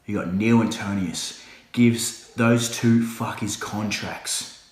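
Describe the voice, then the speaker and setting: A man's voice: on the low side, steady tone, takes it slowly, reverberant. A man cutting an angry, swearing wrestling promo, full of threats. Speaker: backyard wrestling promo talker.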